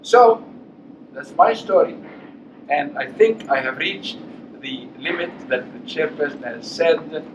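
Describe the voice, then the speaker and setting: A man's voice: on the high side, slow. A man in his eighties giving a public lecture at a college, telling personal stories and acting out the dialogue with emphasis. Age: 80s. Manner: anecdotal, acts out dialogue, emphatic. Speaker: guest speaker. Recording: echoey hall, distant mic, dull, noisy.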